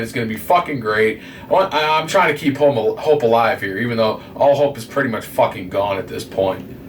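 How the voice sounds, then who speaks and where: A man giving a rambling game review, full of constant swearing and animated retelling. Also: lowish voice, distant mic, a little hiss or hum. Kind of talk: profane ranting game review.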